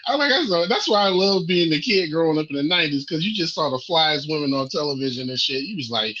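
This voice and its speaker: A man's voice: a little high, expressive, fast talker, sharp tone, dull audio. A man co-hosting a live talk stream, laid-back and joking in casual banter. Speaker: podcast co-host.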